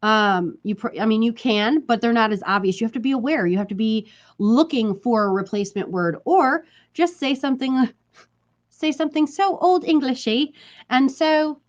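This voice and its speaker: Chatty woman vlogger, slightly high voice. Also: normal speed, lo-fi sound. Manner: chatty, emphatic, repeats herself, laughs between points. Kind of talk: casual talk to camera.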